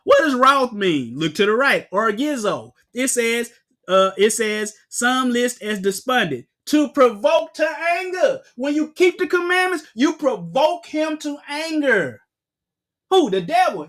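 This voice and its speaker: A man with a high voice preaches a Bible-teaching sermon. He puts questions to his listeners and answers them himself. His voice rises into loud, dramatic bursts whenever he reads scripture. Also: animated, measured pace.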